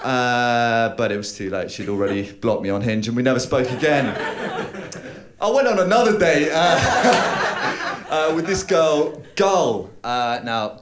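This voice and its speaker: A young man from London with a London accent, telling stand-up stories with hesitant fillers and deadpan delivery. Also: lowish voice, noisy background. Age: young adult. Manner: deadpan storytelling with hesitant fillers and bursts of put-on voices. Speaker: stand-up comedian. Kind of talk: stand-up comedy set. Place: comedy club stage with live audience. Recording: live room with loud audience laughter. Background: audience laughing.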